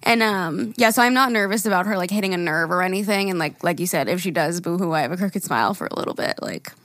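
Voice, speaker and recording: A woman's voice: on the low side, fast talker, fairly bright tone, no room sound. Young woman, twenties, podcast co-host; chatty storyteller, casual swearing, close dry mic. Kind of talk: casual chat.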